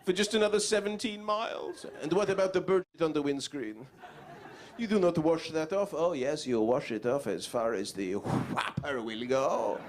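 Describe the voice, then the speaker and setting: A man's voice: on the high side, moderate pace, slight background noise, natural voice. A man voicing a sulky, indignant talking car that scolds its owner.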